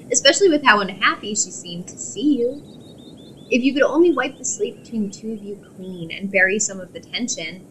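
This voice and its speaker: A woman in her twenties, a streamer, reading a story game's narration aloud in an animated way. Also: medium pitch, slight background noise, poor audio. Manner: animated, laughing asides. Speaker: streamer playing a story game. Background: game music.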